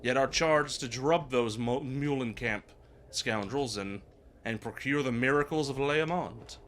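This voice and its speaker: A man's voice: medium pitch, measured pace, fairly bright tone, slight background noise, close to an everyday voice. A man reading game dialogue aloud for squabbling medieval knights, with archaic, lightly dramatic delivery. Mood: bickering. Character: gruff male medieval knights bickering.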